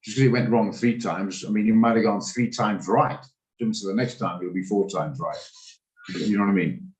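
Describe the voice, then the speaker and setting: A man's voice: fairly low pitch, moderate pace, roomy sound, poor audio. A man hosting a live trading session, chatting and thinking aloud as he works through charts. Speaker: trading room host. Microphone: video call.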